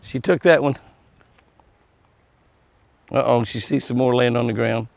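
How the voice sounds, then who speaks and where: A folksy man with a gravelly edge to his voice, coaxing deer to come eat out of his hand. His words sound dry and close, with no room around them. He chats easily to the animals and to his viewers. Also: medium pitch, steady tone, measured pace, a little mellow, dry recording. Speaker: deer ranch vlogger. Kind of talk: casual talk to animals and viewers. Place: outdoors at a deer pen.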